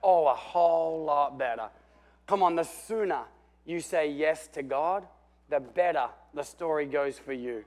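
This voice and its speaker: A man preaching a sermon, telling the story with animation and swinging between loud and hushed while calling out for amens. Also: a little high, measured pace. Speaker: pastor.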